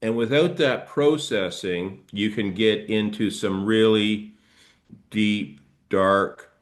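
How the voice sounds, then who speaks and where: A middle-aged man, a trauma therapist, gently guiding listeners through arm-swing exercises and explaining body reactions. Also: lowish voice, slow. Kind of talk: guided movement instruction.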